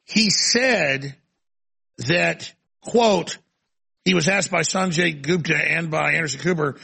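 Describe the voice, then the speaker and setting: A male talk show host ranting forcefully through a heated interview. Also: fairly high pitch, slow, vocal fry, breathy edge.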